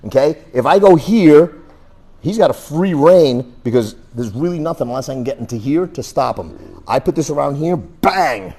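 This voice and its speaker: A man teaches a martial arts class in a training room through a worn mic, telling stories and punching out sound effects while demonstrating moves. His voice is mid-range and mellow, animated, at a moderate pace.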